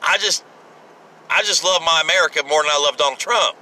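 A man's voice: fairly high pitch, brisk, pushed and bright, low-quality recording. Blunt, profane man in his forties. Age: 40s. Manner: blunt, rambling, profane, with many restarts. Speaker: podcast host. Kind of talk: solo podcast monologue.

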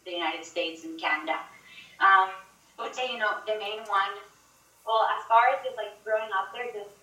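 A woman in her twenties, a guest in a casual interview over a video call, speaking in a relaxed way with lots of fillers. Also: medium pitch. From Venezuela. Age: 20s. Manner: relaxed, filler-heavy speech. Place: in a moving car. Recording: echoey sound, distant mic.

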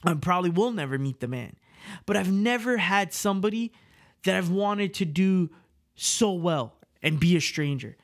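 A man's voice: high-pitched, animated, moderate pace. A man hosting his podcast alone, hyped and emotional, swearing freely as he rants. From Miami, Florida. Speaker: podcast host. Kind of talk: excited solo podcast monologue. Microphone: video call. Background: hip hop music.

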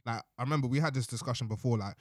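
A young man, chatting casually as a podcast co-host, animated, slangy and laughing often. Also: medium pitch, very fast, dry recording, studio quality. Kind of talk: casual chat.

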